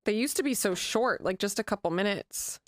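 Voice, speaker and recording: A woman's voice: mid-range voice, lively intonation, fairly quick, dry recording. Woman co-host; level, matter-of-fact, dry close-miked sound. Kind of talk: casual chat.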